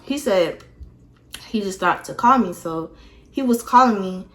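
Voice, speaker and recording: A woman's voice: mid-range voice, animated, measured pace. A young woman hosting a vlog, chatting casually as she retells a story with plenty of fillers. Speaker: vlog host.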